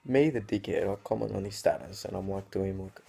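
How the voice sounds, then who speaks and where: A man's voice: low voice, brisk, gravelly, warm tone, husky. A teenage man, ranting casually to camera in a sweary, rambling way. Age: teens. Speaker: vlogger.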